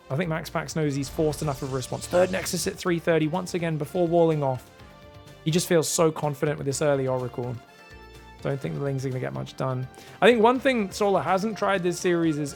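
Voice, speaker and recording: An Australian man giving casual solo play-by-play commentary on an esports match, chatty and thinking aloud, getting excited on big plays. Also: on the high side, creaky. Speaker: esports caster.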